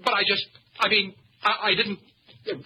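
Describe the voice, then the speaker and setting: A man's voice: high voice, little pitch movement, moderate pace, sharp tone. An actor playing a nervous, bumbling ladies' man in a 1940s radio comedy, stammering and sly. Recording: dull, noisy old radio recording.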